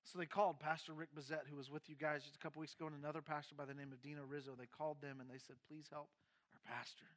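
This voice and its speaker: A middle-aged man who is a pastor, telling his own story in a sermon, candid and shifting between quiet and emphatic moments. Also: a little high, little pitch movement, racing, few pauses. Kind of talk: sermon testimony.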